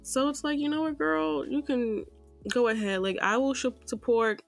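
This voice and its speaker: A woman co-hosting a podcast in casual roundtable chat, talking in an animated, emphatic way and drawing out her stressed words. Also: fairly high pitch, moderate pace, soft background music. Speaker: podcast co-host.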